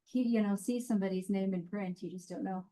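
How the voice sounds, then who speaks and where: A woman's voice: mid-range voice, fast, dark tone. A woman funeral director answering interview questions in a frank, matter-of-fact way. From Colorado. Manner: frank, matter-of-fact, speaks her mind. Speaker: funeral director and mortuary educator.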